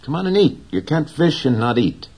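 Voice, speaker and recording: A man's voice: fairly high pitch, very animated, moderate pace, a little mellow, husky, voice pushed up. A man voicing an earnest, caring young fisher boy in an audiobook reading, coaxing and eager.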